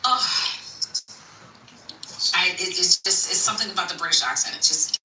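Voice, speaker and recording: A woman guest on a livestream, talking in a gushing, excitable way. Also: on the low side, moderate pace, reverberant, distant mic, a little hiss or hum, poor audio. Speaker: stream guest. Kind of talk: casual live-chat talk.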